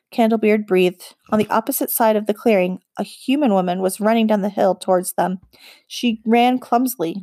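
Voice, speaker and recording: Woman reading a kids fantasy audiobook, dry close sound, steady expressive telling. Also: medium pitch, no echo. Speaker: audiobook reader. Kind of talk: audiobook narration.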